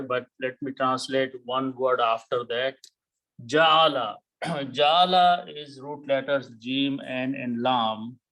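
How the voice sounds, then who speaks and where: A man teaching a Quran lesson, explaining words step by step, repeating key terms and pausing on "okay". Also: mid-range voice, fairly bright tone, rough recording.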